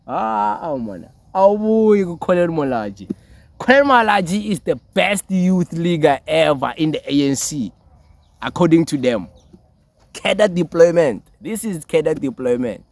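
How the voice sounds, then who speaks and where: South african guy, sarcastic rant, gravelly and kinda high, super dry sound. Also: lively intonation, moderate pace, no echo. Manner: sarcastic, laughing, mixes in Zulu phrases. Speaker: commentary channel host. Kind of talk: mocking political commentary.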